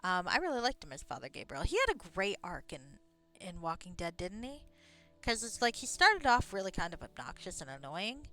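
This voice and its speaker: A woman's voice: on the low side, sing-song, fairly quick, sharp tone. Woman streaming a game, rambly and sweary, voice bouncing all over, laughs a lot. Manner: chatty and rambling, swears freely, laughs often. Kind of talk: casual gameplay chat.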